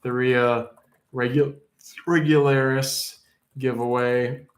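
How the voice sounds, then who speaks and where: A man's voice: mid-range voice, little pitch movement, slow. A man hosting a live-streamed auction in casual chat, rambling and joking as he reads out the chat. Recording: echoey room.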